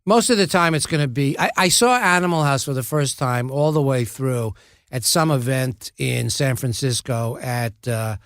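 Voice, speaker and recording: A man's voice: mid-range voice, normal speed, fairly bright tone, dry recording, studio quality. An older man, an actor and podcast guest, telling rambling, amused anecdotes. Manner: rambling storyteller, fond and amused. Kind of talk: conversational anecdotes.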